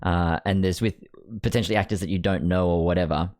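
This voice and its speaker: A man's voice: low voice, fairly even intonation, fast, darkish tone. A man hosting a casual chat from home over a video call, talking in a reflective way and thinking aloud. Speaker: host.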